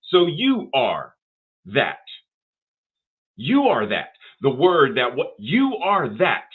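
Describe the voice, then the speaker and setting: A man's voice: medium pitch, huge pitch swings, takes it slowly, husky. An older man delivering a sermon as minister, building rhythmic, repetitive phrases to rising emphasis. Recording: phone-like narrow band audio.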